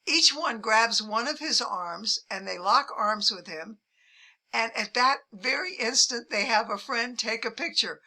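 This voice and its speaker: An older woman who vlogs about travel tells amused anecdotes to the camera at a measured pace, raising her pitch whenever she quotes someone. Her voice sounds pushed and bright.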